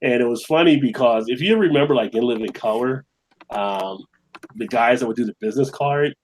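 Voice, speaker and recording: A man's voice: mid-range voice, a little fast, slight background noise, low-quality recording. Male beer-stream host, mid-range voice, loose conversational delivery, reads comments aloud. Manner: chatty, reads viewer comments aloud and laughs often. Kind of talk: casual live-stream chat.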